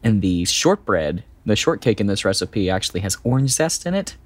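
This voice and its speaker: Chatty podcast guy, kinda low voice, laughs a lot, dead dry recording. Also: very animated, dry recording. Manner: chatty, rambling with restarts and a quick laugh. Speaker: podcast co-host. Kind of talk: casual chat.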